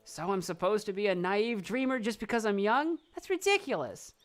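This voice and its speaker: A woman's voice: mid-range voice, expressive, normal speed, faint music behind, pitched above the performer's own voice, natural voice. Woman reading an earnest young heroine. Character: young orphaned stepdaughter heroine, earnest and curious.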